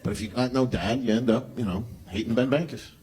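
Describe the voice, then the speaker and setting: A man's voice: mid-range voice, brisk. Crude, mocking male stand-up comic. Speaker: stand-up comedian. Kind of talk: stand-up comedy set. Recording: noisy live show recording.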